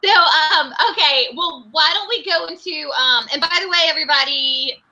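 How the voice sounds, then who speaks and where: A woman from North Carolina co-hosting a casual podcast chat, bubbly and animated. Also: sits high, normal speed, rough recording. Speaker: co-host.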